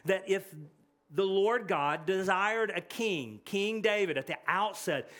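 High-voiced man preaching a sermon. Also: lively intonation, slow, fairly bright tone. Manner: earnest, conversational preaching with repetitions. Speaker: pastor. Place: church sanctuary.

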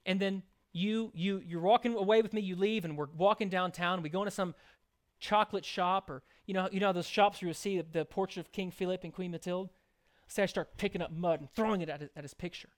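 A man's voice: high voice, steady tone, brisk. A man preaching a sermon, earnest, shifting into chatty asides and playful acted examples. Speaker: pastor.

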